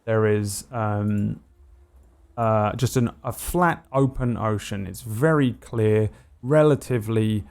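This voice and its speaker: A man's voice: on the low side, slow, vocal fry, darkish tone. A man narrating a tabletop game as game master, describing the scenes with many fillers. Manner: descriptive, hesitant, full of fillers.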